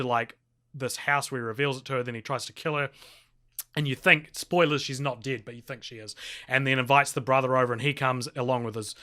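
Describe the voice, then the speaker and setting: A man's voice: medium pitch, sharp tone. A man co-hosting a podcast, recapping a horror film in rambling casual chat with fillers and restarts. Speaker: podcast co-host.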